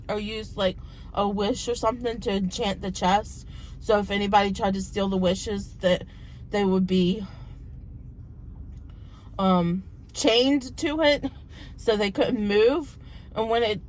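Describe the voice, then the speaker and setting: A book vlogger in her thirties rambles casually as she retells a plot, her voice a little hoarse from talking so much. She speaks at medium pitch, and the audio quality is poor.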